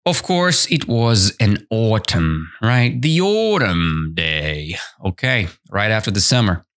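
A man's voice: lowish voice, takes it slowly. A man teaching English on a podcast, explaining a story and asking his listeners questions as he goes. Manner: animated, repetitive, asks listeners questions. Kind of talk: explaining a story in a language lesson.

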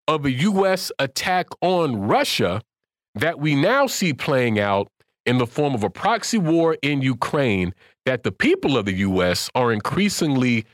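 A man co-hosting a political talk radio show, making his argument in a deliberate way. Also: mid-range voice, no room sound, clean studio sound.

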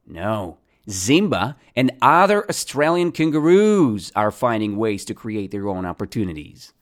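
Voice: medium pitch, very animated, unhurried. An English teacher running a lesson, asking questions and answering them, repeating key words, with non-native grammar.

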